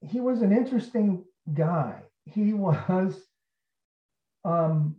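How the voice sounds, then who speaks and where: A man's voice: high voice, slow pace. A man tells an anecdote as an interview guest and slips into the voices of the people in it. He sounds far from the mic, in a roomy space, with a dull, muffled tone. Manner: animated, acts out quotes. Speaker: actor, guest. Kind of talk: storytelling in an interview.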